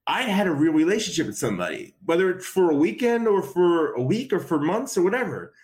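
A man's voice: sits high, very animated, fairly quick, darkish tone. A man talking casually as a podcast guest, rambling with many repeated fillers and restarts. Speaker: podcast guest, wrestling commentator. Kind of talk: casual conversation.

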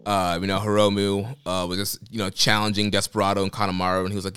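An easygoing male co-host recaps the action in a relaxed, casual way. His voice is very deep and sounds smooth and resonant. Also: quick pace, few pauses. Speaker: podcast co-host. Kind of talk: casual wrestling chat.

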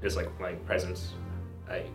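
A man in a tabletop game speaks casually and haltingly, full of "like" fillers. His voice is on the low side, and it sounds roomy, with clear music underneath. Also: little pitch movement. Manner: casual, hesitant, many "like" fillers. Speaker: player.

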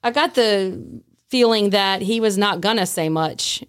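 A woman in the guest seat, telling a story in a chatty, lively way. She slips into the voices of the people she describes and keeps a casual, conversational flow. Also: medium pitch, unhurried. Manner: animated, acts out dialogue in her story. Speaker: guest, former prison staff.

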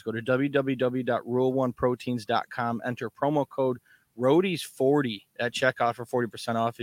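A man from Chicago co-hosts a casual sports podcast, wandering through his points with plenty of ums and restarts. His voice sits at an ordinary middle pitch. The recording is close and dry, with no room sound. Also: a bit bright, dry recording. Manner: rambling, restarts with many fillers. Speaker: podcast co-host. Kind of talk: casual chat.

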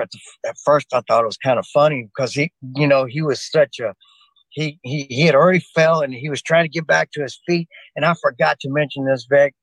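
Rambling older man telling a story, high-pitched. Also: a bit bright, dry recording, low-quality recording. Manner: digressive, restarts often, addresses the host by name. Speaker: guest telling a personal story. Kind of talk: rambling spoken anecdote.

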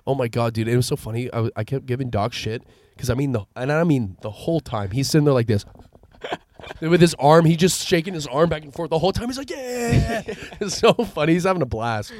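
Casting note: young male podcast host, rapid and excitable, cursing freely, dry close sound. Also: mid-range voice, dry recording. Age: young adult. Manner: fast, excitable, swears a lot, laughs often. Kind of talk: casual chat.

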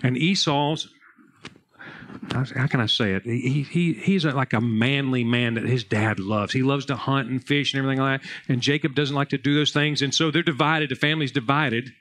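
A man's voice: mid-range voice, moderate pace. A man preaching a sermon, telling Bible stories and family anecdotes in a casual, conversational way. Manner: conversational, animated storytelling with raised voice in anecdotes. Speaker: pastor.

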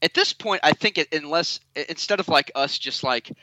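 A man's voice: on the high side, animated, fairly quick, sharp tone, no echo. A man co-hosting a podcast, chatting casually with joking, teasing banter. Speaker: podcast co-host. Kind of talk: casual chat.

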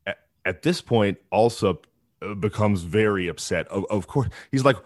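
A man's voice: on the low side, moderate pace, no room sound. A man casually telling a true-crime story, chatty, with frequent restarts and asides.

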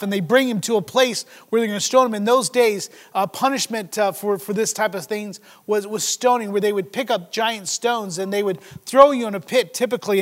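A man with a fairly high voice delivers a sermon. He swings from loud, emphatic stretches down to hushed, drawn-out lines. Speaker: preacher.

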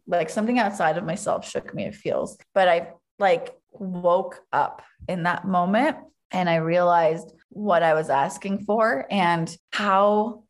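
Candid woman sharing a personal story. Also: fairly low pitch. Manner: candid and emotional, heavy use of "like". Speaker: guest.

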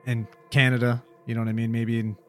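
A man's voice: mid-range voice, little pitch movement, quick pace. Casual storyteller, male paramedic, rambling, checks in with the listener constantly, faint music behind. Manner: rambling, peppered with "you know what I mean".

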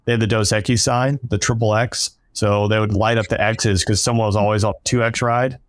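A man's voice: lowish voice, steady tone, a little fast, no room sound, clean studio sound. A man hosting a podcast, asking a long, loose question full of fillers in casual interview talk. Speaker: podcast host.

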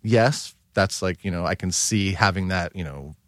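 A man's voice: sits low, normal speed, no room sound, studio quality. A man, a guest chef, talking in a casual podcast conversation, rambling with many fillers.

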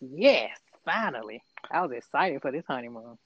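A woman's voice: a bass voice, moderate pace, slightly rough, no echo. Giggly, blunt woman co-host, dull audio. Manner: animated, giggly, slangy and blunt. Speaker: podcast co-host. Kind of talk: casual chat recapping a movie.

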